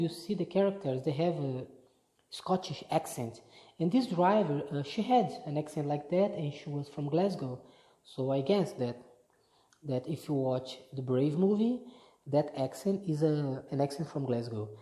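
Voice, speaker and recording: A woman's voice: low-pitched, dark tone. A woman from Brazil, chatting casually in a vlog, easygoing and often restarting her sentences. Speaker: vlogger. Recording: echoey room.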